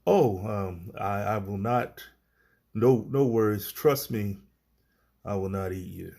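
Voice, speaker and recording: A man's voice: on the low side, takes it slowly, gravelly, warm tone, exaggerated voice. A man voicing a sly male snake in a told fable, making falsely soothing promises. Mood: reassuring. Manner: falsely reassuring.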